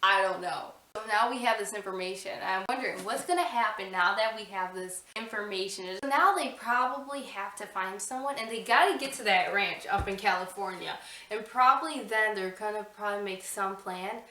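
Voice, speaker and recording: A woman chatting casually about a book she loved, retelling the plot excitedly with lots of "I'm like" asides. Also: mid-range voice, normal speed. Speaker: book reviewer. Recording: roomy echo, distant mic.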